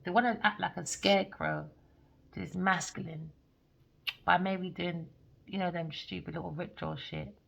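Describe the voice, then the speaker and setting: Gravelly woman giving a tarot reading. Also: fairly low pitch, moderate pace. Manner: animated, swearing, rambling and emphatic. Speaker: tarot reader. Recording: dull lo-fi recording.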